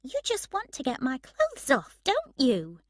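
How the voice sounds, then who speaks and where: A woman reading aloud and voicing a proud, sharp-tongued young woman, lifting her voice high and emphatic. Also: huge pitch swings, measured pace, dry recording, studio quality, full character voice. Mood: teasing.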